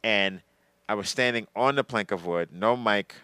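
A man's voice: lowish voice, moderate pace, pushed and bright, clear, resonant tone, no echo. A male comedian, a guest on a podcast, talking about his gigs in a laid-back casual chat and laughing easily.

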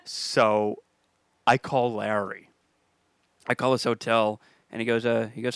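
A man's voice: mid-range voice, fairly even intonation, normal speed, creaky, fairly bright tone, dry recording. A man, a comedian, telling a casual story on a podcast with easy laughs. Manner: laid-back, laughing storyteller.

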